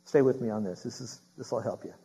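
A man preaching a sermon as pastor, talking straight to his congregation with questions and building to loud, emphatic preaching. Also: mid-range voice, fast talker, husky.

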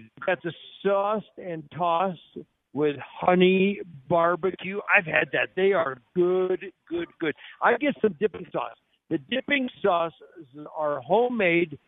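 Live from a restaurant, a high-pitched radio talk show host jokes around and hypes the place like an upbeat salesman. The recording is narrow and phone-like, dry, with no room sound.

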